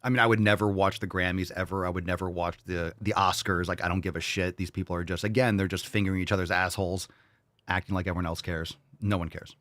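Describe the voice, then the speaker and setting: Profane low-voiced man ranting. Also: fairly even intonation, fast talker, fairly bright tone, dry recording. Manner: profane, mocking rant. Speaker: host. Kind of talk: livestream commentary, reading chat.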